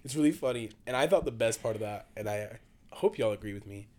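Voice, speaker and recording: A man's voice: fairly low pitch, expressive, fast, warm tone, slight background noise. A man in casual conversation, retelling comedy film scenes with frequent laughter and rambling restarts. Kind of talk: casual movie discussion.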